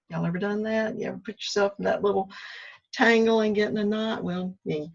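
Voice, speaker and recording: A woman's voice: mid-range voice, fairly quick, vocal fry. A woman talks candidly in a casual, reflective monologue, joking at her own expense and acting out her inner dialogue. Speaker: spiritual self-help host. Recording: muffled lo-fi recording.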